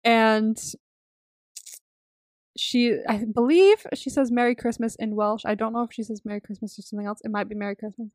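Young woman recapping a movie on a podcast, kinda high voice, lots of "like", laughs a bunch. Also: steady tone, a little fast, darkish tone, no room sound, clean studio sound. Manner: chatty, filler-heavy, laughs often. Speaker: podcast co-host. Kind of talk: casual movie recap chat.

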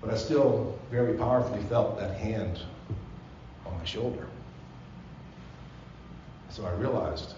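A man's voice: on the low side, measured pace, pauses often, noisy background. A man, a pastor, delivering a sermon as earnest personal storytelling in a church. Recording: roomy, slightly dull live sermon recording.

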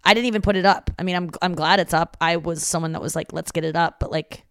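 A woman's voice: lowish voice, steady tone, fast, a bit bright, clean tone, dry recording, clean studio sound. Profane, rambling woman podcast host. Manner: rambling and profane, acts out conversations. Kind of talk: casual solo comedy monologue.

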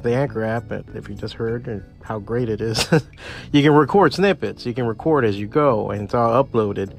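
Gravelly-voiced man rambling on a podcast. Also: medium pitch. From part Cuban family. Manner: rambling, profane, with many restarts. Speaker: podcast host. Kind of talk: casual solo podcast monologue.

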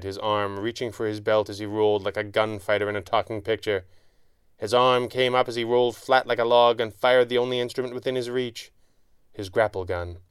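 Male audiobook narrator, dramatic but measured, lowish voice, super clear. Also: dry recording, studio quality.

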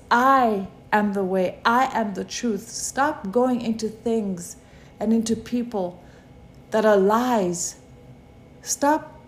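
A woman giving a devotional sermon, preaching slowly with many repeated rhetorical questions. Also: fairly high pitch, a little hiss or hum. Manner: slow, repetitive rhetorical preaching.

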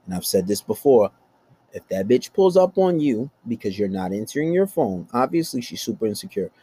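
A man's voice: on the low side, sing-song, a little fast, mellow, husky. A man hosting a blunt relationship-advice rant, talking aggressively and swearing constantly. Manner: aggressive, blunt, heavy cursing. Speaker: host.

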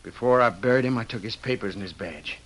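An actor playing a rugged cowboy posing as a marshal in a 1940s radio drama, earnest and defensive. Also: male voice, lowish voice, fast talker, a bit bright, low-quality recording. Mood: tense.

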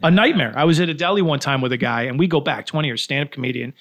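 A man in casual podcast chat, telling profane, animated stories as a guest. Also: mid-range voice, rapid-fire. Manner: storytelling, profane, animated asides. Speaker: comedy writer and guest.

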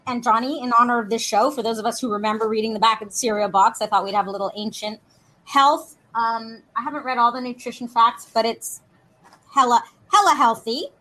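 A woman chatting as a guest in a lively, playful, flirty way, joking as she talks. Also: fairly high pitch. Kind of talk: lively casual chat.

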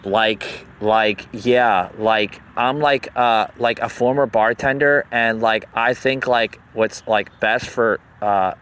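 A man's voice: lowish voice, slow, few pauses, a bit bright, smooth. A man mocking a gushing young woman politician. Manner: says "like" constantly, rambling.

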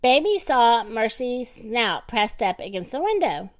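A woman reading a children's storybook aloud, expressive and deliberate. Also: on the high side. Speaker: narrator.

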